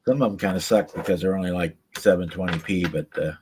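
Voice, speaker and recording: A man's voice: sits low, fast, a little mellow, slight background noise. A man guesting on a hobby livestream, chatting in an easygoing way about his builds. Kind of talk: casual chat.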